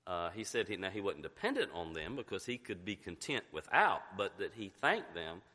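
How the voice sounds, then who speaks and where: Lively low-voiced preacher in a reverberant hall. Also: male voice, moderate pace, husky. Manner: emphatic preaching with rhetorical questions. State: coughing, fighting to get words out. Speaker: pastor. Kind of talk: sermon.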